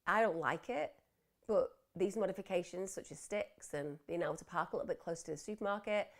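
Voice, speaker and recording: A woman's voice: fairly low pitch, fast. A middle-aged woman hosting a live wellbeing clinic, answering viewer questions in a reassuring therapist's manner. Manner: warm, reassuring therapist talk. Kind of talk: live advice chat, reading viewer questions.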